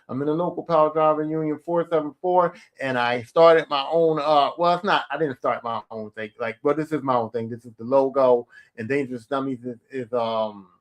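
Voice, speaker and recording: A middle-aged man hosting his own podcast, talking in a blunt, rambling way and swearing casually. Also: on the high side. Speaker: podcast host. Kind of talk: casual solo podcast monologue.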